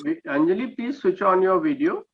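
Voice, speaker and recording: A man's voice: high voice, expressive, fairly quick, a little hiss or hum. A man with an Indian English accent, teaching an online class and patiently correcting students' speech, often checking with "okay?". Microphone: video call. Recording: dull lo-fi video call audio.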